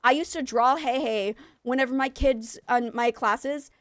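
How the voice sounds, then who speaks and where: A woman's voice: sits high, unhurried, no echo, clean studio sound. Chatty, rambling woman streamer. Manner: chatty, rambling and animated, with many fillers. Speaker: mother and former teacher. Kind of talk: casual chat while livestreaming a game.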